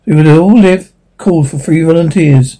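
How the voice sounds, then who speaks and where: A man narrates a short story aloud, stumbling now and then and restarting words. His voice is husky and mellow, and it sits a bit higher than most men's. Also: moderate pace, low-quality recording.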